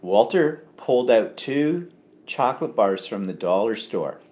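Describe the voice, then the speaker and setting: A man's voice: medium pitch, lively intonation, a little slow, a little mellow. Man, live-stream co-host at home, chatty, reads viewer comments, casual. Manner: chatty, reads comments aloud, frequent ums.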